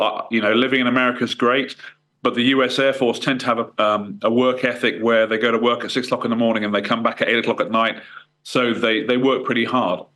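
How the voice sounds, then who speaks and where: A middle-aged man with a croaky voice from a cold, answering interview questions in a hesitant way with fillers and restarts. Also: mid-range voice, a bit bright. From United Kingdom. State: hoarse from a cold. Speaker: guest, former fighter pilot.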